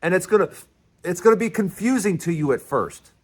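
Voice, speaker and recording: A man hosting his own political commentary vlog, talking in an animated, emphatic way and often repeating and restarting his phrases. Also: high-pitched, brisk, husky. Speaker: vlog host.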